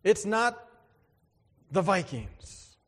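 A man's voice: high-pitched, big pitch swings, drawn-out words, big-room sound. A male pastor preaching a sermon in a church, in a conversational way with joking asides to the congregation.

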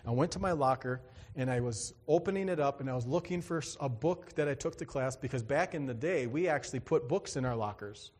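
A man's voice: mid-range voice, brisk, a little mellow. A man preaching a sermon, telling a personal story in an earnest, dramatic way and acting out the other voices. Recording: long hall reverb.

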